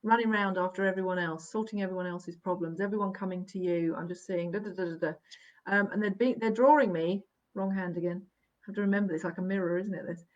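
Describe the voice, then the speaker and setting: A woman giving a live psychic reading, gentle and reassuring, often checking in and laughing softly. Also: lowish voice, fairly even intonation, fast talker. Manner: gentle, reassuring, keeps checking in with "all right?" and "okay?"; laughs softly between sentences. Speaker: psychic medium. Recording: dull, lo-fi live stream audio.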